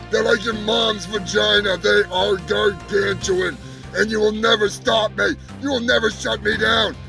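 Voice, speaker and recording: A man plays a loud, self-important alien opinion-monger in a comedy sketch, ranting and swearing at humans in a very high, gravelly voice. Music plays clearly behind him. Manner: ranting, shouting, swearing, insulting. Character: brash foul-mouthed male alien pundit, loud, ranting, full of himself. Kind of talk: comedic character rant.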